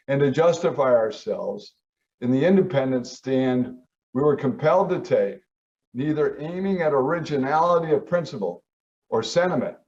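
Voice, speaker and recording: A man's voice: medium pitch, darkish tone. An older man, a professor hosting his show, lecturing emphatically and posing rhetorical questions. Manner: emphatic, rhetorical questions, quoting founding texts. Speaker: host, professor. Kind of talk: lecture-style commentary. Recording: slightly distant, dull lo-fi sound.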